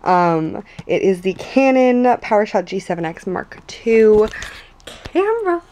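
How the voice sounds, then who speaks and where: A young woman chatting casually in a home vlog, bubbly and excitable, rambling with many fillers. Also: medium pitch, slow, poor audio. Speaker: vlogger.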